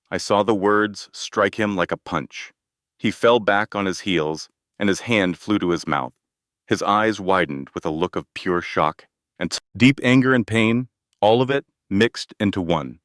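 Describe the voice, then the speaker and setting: A man narrating a first-person dramatic story in a measured, even way. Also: deep voice, no room sound, studio quality.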